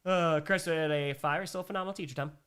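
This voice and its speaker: A man's voice: fairly high pitch, very fast, a bit bright, clean tone. A young man hosting a casual livestream Q&A, reading viewer messages aloud and reacting emphatically. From New York. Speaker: livestream host.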